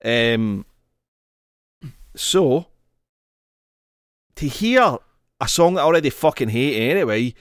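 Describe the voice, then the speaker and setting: A man's voice: medium pitch, animated, takes it slowly, pauses often, clear, resonant tone, no room sound, studio quality. A Scottish man co-hosting a podcast in casual chat, rambling and sweary, restarting his sentences. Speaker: podcast co-host.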